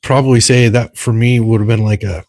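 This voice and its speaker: A man co-hosts a podcast in casual conversation, rambling and hunting for words as he goes. His voice is fairly low, darkish, and fairly even in intonation, delivered briskly, and the studio sound is clean with no echo.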